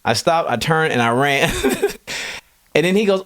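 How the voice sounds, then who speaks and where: Co-host, man, mid-pitched, easygoing, quick to laugh. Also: animated, a bit bright. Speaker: podcast co-host. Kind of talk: casual chat.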